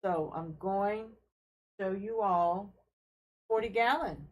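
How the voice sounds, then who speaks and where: Woman, live-stream host, casual chat, very slow pace, mid pitch, friendly, handheld camera, home fish room. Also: poor audio. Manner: unhurried, friendly, talks while showing tanks, with fillers. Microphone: handheld camera she carries around.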